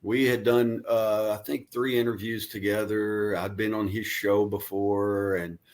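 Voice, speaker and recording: Low-voiced man giving earnest answers. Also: little pitch movement, a little slow, darkish tone. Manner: earnest, talks in long explanatory runs. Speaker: guest commentator. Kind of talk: casual radio interview.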